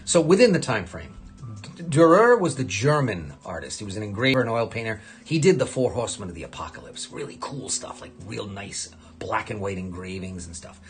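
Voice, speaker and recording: A middle-aged man hosting a casual livestream while signing cards, chatty and enthusiastic, with sudden loud exclamations. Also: lowish voice, lively intonation, brisk, faint music behind. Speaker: fantasy artist hosting a livestream.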